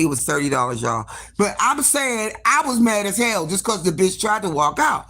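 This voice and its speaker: An animated woman spinning a story in casual, salty talk, swearing freely and turning to her listeners with asides. She acts out the dialogue, her voice jumping up high for the quoted lines. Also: moderate pace, creaky. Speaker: hair salon owner. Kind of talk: casual storytelling on a live stream.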